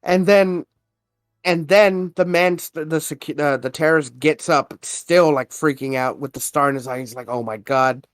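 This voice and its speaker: A man's voice: fairly high pitch, steady tone, normal speed, no room sound, clean studio sound. A man co-hosting a podcast, casually retelling a movie plot, laughing often and acting out the characters' lines. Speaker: podcast co-host.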